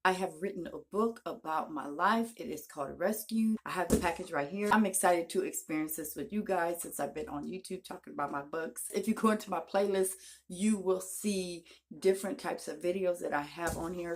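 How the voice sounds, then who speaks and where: A woman, a YouTuber and self-published author, chatting through an excited unboxing vlog on her phone camera and gushing often. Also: on the low side. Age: adult with a daughter. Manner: gushing and excitable, repeats "oh my gosh". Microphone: phone camera held by hand.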